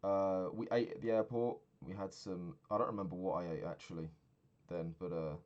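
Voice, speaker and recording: A man's voice: deep voice, steady tone, normal speed, lo-fi sound. A man in his twenties recapping a trip in a rambling, sweary, casual monologue, often laughing at his own stories. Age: 20s. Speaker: vlogger.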